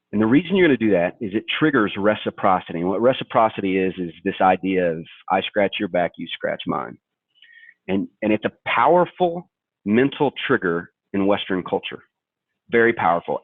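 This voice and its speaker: A man's voice: fairly low pitch, no echo. A man from Kentucky presenting a sales training webinar in an emphatic, direct coaching tone. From Kentucky, USA. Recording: tinny phone-like webinar audio, dry.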